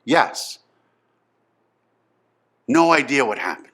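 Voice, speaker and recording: A man in his fifties telling a personal story from his youth, emphatic and swinging from subdued to excited. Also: medium pitch, takes it slowly. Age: 50s.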